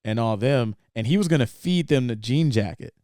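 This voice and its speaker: A man's voice: mid-range voice, brisk, no room sound, studio quality. Chatty man retelling a film scene. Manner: rambling, animated retelling with quoted lines. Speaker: podcast co-host. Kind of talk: casual film discussion.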